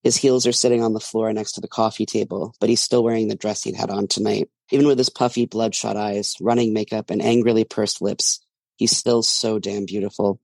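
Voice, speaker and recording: Gravelly man reading fiction aloud. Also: on the low side, a little fast, dry recording. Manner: steady storytelling narration. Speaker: author reading his book. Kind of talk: first-person fiction reading.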